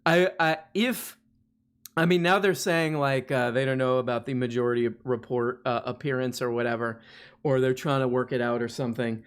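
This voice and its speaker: A man's voice: mid-range voice, steady tone, normal speed, clear, resonant tone. Rambling man hosting a live stream. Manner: rambling, laughing, self-mocking. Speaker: streamer host. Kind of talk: casual live-stream chat.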